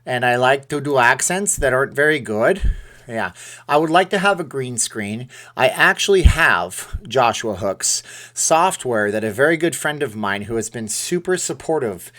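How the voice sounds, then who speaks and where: A man's voice: medium pitch, animated, normal speed, bright, forceful tone. A man hosting a casual live stream from home, rambling and joking with viewers while talking into a desk microphone in front of a webcam. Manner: chatty, jokey, rambling asides to viewers.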